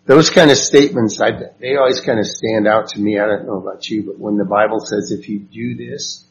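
A man's voice: fairly low pitch, gravelly. A man teaching a Bible study class, reading verses and asking the group questions. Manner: slow and unhurried, asks the group questions. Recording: dull lo-fi recording with faint noise.

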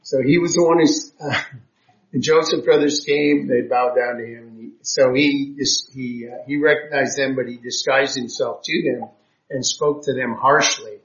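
A man's voice: mid-range voice, fairly even intonation, moderate pace. Man teaching scripture in a roomy hall. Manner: reads verses then explains them, with frequent "uh" fillers. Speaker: Bible teacher. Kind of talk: Bible class lecture reading scripture aloud. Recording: roomy, dull lo-fi classroom recording.

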